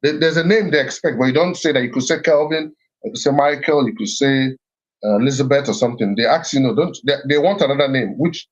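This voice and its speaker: A man's voice: medium pitch, fast, lo-fi sound. A middle-aged man from Nigeria hosting a live stream, speaking earnestly with frequent restarts and repeats. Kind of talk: motivational live-stream talk.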